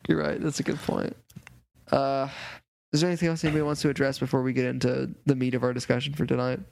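Gravelly young man telling rambling stories. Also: medium pitch, flat delivery, quick pace, a little mellow, a little hiss or hum. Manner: rambling storyteller, laughs often. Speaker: podcast co-host. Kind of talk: casual chat. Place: car on a late-night road trip.

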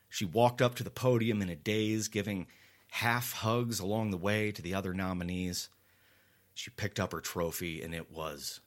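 Low-voiced man narrating a horror tale. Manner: dramatic, slow and hushed at tense moments. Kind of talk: scripted horror story narration.

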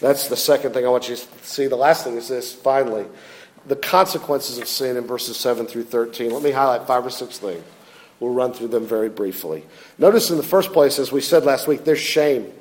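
A man preaching a sermon, expressive, acting out quoted lines with feeling. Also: mid-range voice, brisk, long reverb tail.

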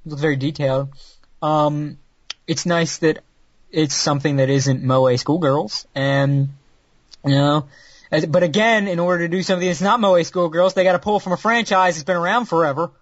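A man's voice: a little high, normal speed, no echo. Crude, sarcastic male podcast host. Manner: crude, sarcastic, rambling with restarts. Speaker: podcast host reviewing new anime. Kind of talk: casual podcast chat. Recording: dull lo-fi dry recording.

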